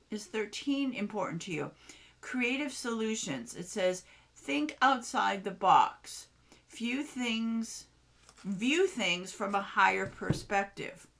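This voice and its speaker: A woman's voice: mid-range voice, fairly bright tone. Chatty woman giving a tarot reading. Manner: chatty, reassuring, talks straight to the viewer. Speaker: tarot reader. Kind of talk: casual tarot reading to camera.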